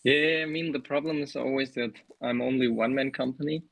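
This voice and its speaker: A man being interviewed as a guest developer, talking in a relaxed, hesitant way with plenty of fillers. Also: mid-range voice, a little fast, gravelly, low-quality recording. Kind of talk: casual interview over a call.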